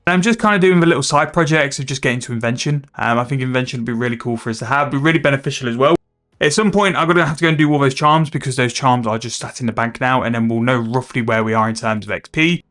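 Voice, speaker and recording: A man's voice: medium pitch, quick pace, a bit bright, faint music behind. A man chatting casually and rambling about his game progress as a gaming video host. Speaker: gaming YouTuber.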